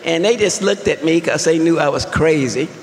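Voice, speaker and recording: A woman sharing her recovery story at a fellowship meeting, telling it with wry, deliberate humor. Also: low-pitched, a little mellow, slight background noise. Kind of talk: personal testimony talk. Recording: echoey hall with long reverb and faint room ambience.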